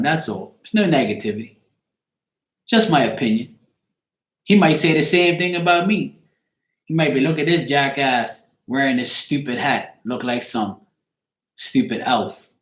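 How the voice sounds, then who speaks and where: A man's voice: medium pitch, reverberant. A man hosting a casual livestream as a card reader, rambling and joking with some profanity. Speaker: card reader and channel host.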